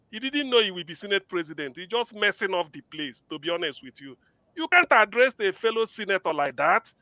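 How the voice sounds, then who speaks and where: A man's voice: high voice, bright, forceful tone, no echo, muffled recording. A man giving heated, scornful political commentary as a panel guest, quoting sayings to make his point. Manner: scornful, emphatic, quotes sayings.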